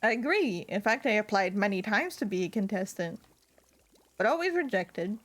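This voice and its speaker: A woman voicing a gentle, formal, wistful shopkeeper man while reading game dialogue. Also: mid-range voice, animated, normal speed.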